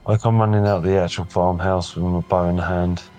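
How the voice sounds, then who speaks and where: Deep-voiced male player. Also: flat delivery, brisk, warm tone, faint music behind. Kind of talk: describing his character's actions.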